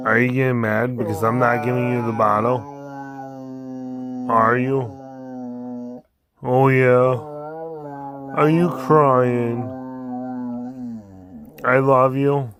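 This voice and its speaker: A woodworker talking slowly to his dog, teasing and doting on her. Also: mid-range voice, level tone, music in the background. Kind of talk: casual talk to a pet.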